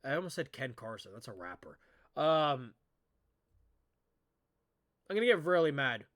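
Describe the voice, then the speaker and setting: A man giving a casual reaction commentary as a streamer, excitable and rambling, talking straight to his viewers. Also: medium pitch, a little slow.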